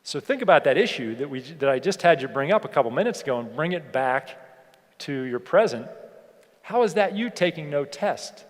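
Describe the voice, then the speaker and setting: A man giving a motivational keynote speech to an audience. He asks them rhetorical questions and slows down to stress key points. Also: on the high side, expressive. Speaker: keynote speaker. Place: large hall on stage. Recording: long hall reverb.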